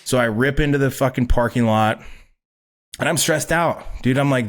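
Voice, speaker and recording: A man guest on a podcast, telling a story casually, swearing a lot and acting out quotes loudly. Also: medium pitch, moderate pace. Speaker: podcast guest, pro bodybuilder.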